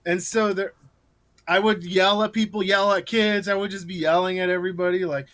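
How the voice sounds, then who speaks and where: A man's voice: sits high, fairly even intonation, fairly quick, fairly bright tone. A man, a guest on an interview, telling stories in a loose, rambling way with lots of restarts and laughter. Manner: rambling storyteller, many fillers and restarts, laughs while telling. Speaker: guest scare actor. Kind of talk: casual interview chat.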